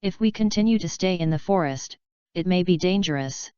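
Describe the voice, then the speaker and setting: A woman voicing a middle-aged male teacher in a storybook reading, speaking in a measured, cautious way. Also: fairly low pitch, darkish tone, clear, resonant tone, no echo, close to an everyday voice. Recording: dull lo-fi recording.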